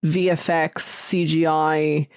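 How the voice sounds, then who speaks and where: Lower-voiced earnest woman co-host. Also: level tone, slow, a little mellow, clear, resonant tone, no echo, clean studio sound. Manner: earnest, enthusiastic. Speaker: podcast co-host. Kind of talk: casual film chat.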